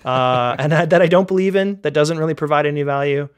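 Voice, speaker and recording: A man's voice: fairly high pitch, fast talker, clean tone. A young man from Canada co-hosting a tech podcast, chatty and joking, poking fun at himself. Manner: chatty, joking, self-deprecating. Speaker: podcast co-host. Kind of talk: casual podcast chat.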